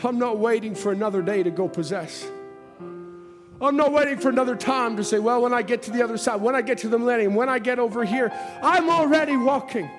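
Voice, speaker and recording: Male preacher, very high voice, fervent sermon cadence, long church-hall reverb, faint music behind. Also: fast. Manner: fervent preaching cadence with repeated rhetorical questions.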